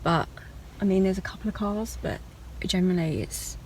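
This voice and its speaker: A woman's voice: on the low side, moderate pace, slight background noise, poor audio. A woman talking through her day in a chatty, rambling vlog diary with self-mocking asides. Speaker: vlogger.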